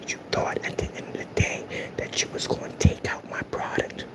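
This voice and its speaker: A man doing a whispered role-play as a mock ASMR host, slowly and breathily soothing angry trolls in a teasing way. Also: natural voice, low-quality recording. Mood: mocking calm.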